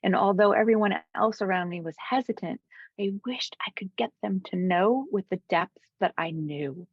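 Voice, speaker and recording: A woman guest, a spiritual coach, telling a heartfelt personal story in an interview, dropping to soft whispers at times. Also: mid-range voice, normal speed, husky, no echo, muffled recording. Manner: earnest, drops to soft whispers for quoted moments.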